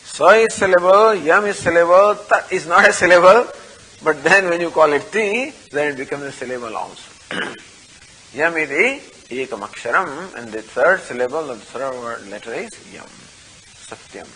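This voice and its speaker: An older man teaching a scriptural study class, explaining slowly with many fillers and reciting Sanskrit. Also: on the high side, lively intonation, sharp tone, a little hiss or hum, poor audio. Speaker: Vedanta teacher.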